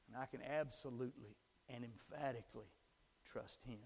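A man preaching a sermon, moving from calm storytelling to fervent, shouted proclamation. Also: mid-range voice, normal speed, husky, big-room sound. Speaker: pastor.

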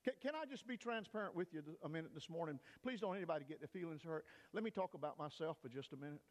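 An older man, a pastor, preaching an emphatic sermon in a church, swinging between loud peaks and hushed asides. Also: a little high, animated, racing. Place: church sanctuary. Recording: long reverb of a church hall.

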